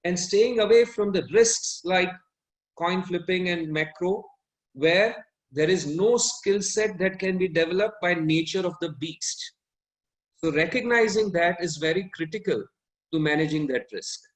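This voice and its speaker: Man, fund manager on a panel, high voice, analytical, roomy echo. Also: a little slow. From India. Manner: analytical, self-correcting mid-sentence. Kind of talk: explanatory panel talk.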